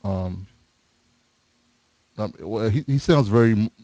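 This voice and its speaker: An American man co-hosting a podcast, chatting in an animated way and laughing easily. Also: lowish voice, slow pace, no echo, lo-fi sound. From United States. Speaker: podcast co-host. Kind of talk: casual podcast chat.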